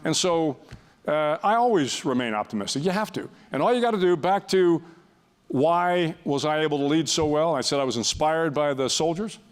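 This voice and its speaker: A man's voice: fairly high pitch, lively intonation, moderate pace. An older man speaking as a guest before an audience, telling a story in a wry, self-deprecating way with frequent restarts.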